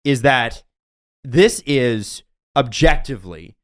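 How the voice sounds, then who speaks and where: A man's voice: mid-range voice, animated, slow pace, a bit bright. A young man co-hosting a casual sports podcast, talking emphatically with rambling asides and some swearing. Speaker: podcast co-host.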